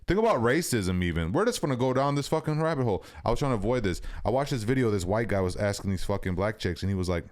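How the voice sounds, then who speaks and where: A man's voice: fairly low pitch, animated, quick pace, few pauses, darkish tone. A young man co-hosting a podcast, telling rambling, profane stories in casual chat and saying "bro" constantly. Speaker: podcast co-host.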